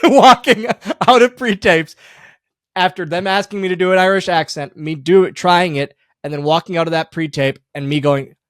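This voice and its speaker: A man hosting a podcast, chatting casually and laughing through his stories. His voice sits a little high and swings up when he gets excited. The sound is dry and close. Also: moderate pace, no room sound. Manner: animated storyteller, laughs often. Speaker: podcast host. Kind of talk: casual interview chat.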